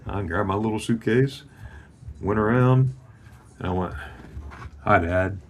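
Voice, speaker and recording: A man's voice: fairly low pitch, normal speed, darkish tone, a little hiss or hum. A man in his fifties from Florida, telling a personal story in a casual chat and acting out the voices of the people in it. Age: 50s. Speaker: guest.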